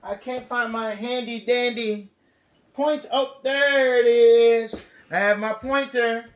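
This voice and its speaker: A male teacher reading a picture book aloud and teaching young children, playful and animated, talking to the kids. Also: very high voice, takes it slowly.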